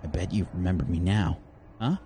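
A man's voice: sits low, fairly quick, background noise, lightly acted. A man voicing an unhinged young male killer who snarls threats. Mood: menacing.

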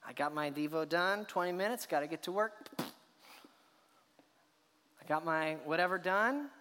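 A man's voice: a little high, fairly bright tone. A man preaching a sermon as a pastor, telling the story with rhetorical questions and acted reactions. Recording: long hall reverb.

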